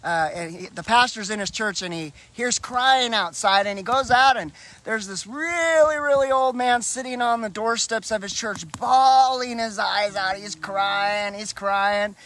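A man's voice: sits high, a little slow, few pauses, a bit bright. A man guesting on a Christian talk show, preaching fervently and telling rambling jokes. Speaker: guest from a Christian television network. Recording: noisy live broadcast.

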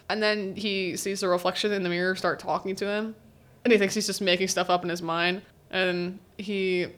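Student podcast host, young woman, casual and giggly, average pitch. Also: a bit bright. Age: teens. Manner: chatty, laughs often, quotes characters in little voices. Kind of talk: casual solo recap chat.

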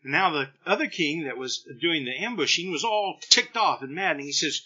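Middle-aged male preacher, bright and forceful tone, slightly high voice, animated storyteller. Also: moderate pace, hardly any pauses, slightly rough, highs cut off. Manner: animated storytelling preacher, acts out scripture lines. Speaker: pastor. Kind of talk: sermon.

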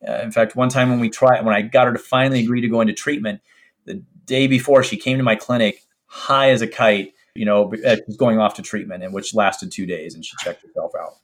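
A middle-aged man, a doctor, telling a personal story in an interview in an earnest, reflective, halting way. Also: on the low side, steady tone. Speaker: infectious disease doctor.

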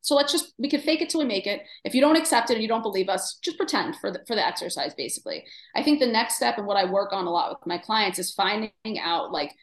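A woman nutritionist co-hosts a casual podcast, speaking fast and expressively in a mid-range voice with few pauses. She's chatty and full of fillers, acting out inner voices as if quoting them. The sound is roomy.

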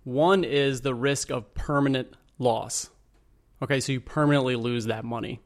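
A man's voice: medium pitch, fairly even intonation, moderate pace. A man explaining money and risk as a regular guest on a radio interview, in a patient, plain way. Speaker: financial adviser guest.

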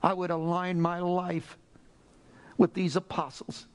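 An older male preacher delivers a fervent sermon in a high-pitched voice. He drops to near-whispers, then climbs back into loud, pleading prayer. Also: little pitch movement, a little slow, clear, resonant tone. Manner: fervent, swinging from hushed murmurs to loud pleas.

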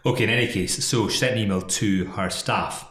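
A man's voice: lowish voice, fairly quick, fairly bright tone, reverberant. A man co-hosting a casual chat about an employment law case, teasing his partner and laughing often. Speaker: podcast co-host.

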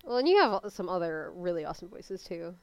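A young woman in a casual podcast chat, chatty and excitable, talking with lots of fillers. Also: lowish voice, a little fast. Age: young adult. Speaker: podcast co-host.

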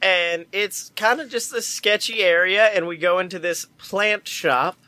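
A man's voice: high-pitched, unhurried, pushed and bright, no echo. A man co-hosting a casual podcast about theater, joking and swearing as he recaps a musical's plot. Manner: profane, joking, playful. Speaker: podcast co-host. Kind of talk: casual chat.

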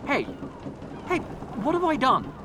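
Woman playing a cold, scheming sea captain with a lively swooping voice. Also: low-pitched, normal speed, noisy background. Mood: protesting.

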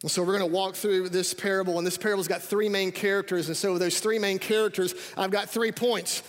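A man preaching a sermon as pastor, energetic and calling out to his congregation. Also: high voice, fairly quick. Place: church sanctuary. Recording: reverberant hall.

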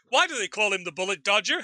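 A man's voice: high-pitched, sing-song, a little fast, pushed and bright. A man co-hosting a podcast, recapping a film in casual, joking chat and swearing freely. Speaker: podcast co-host.

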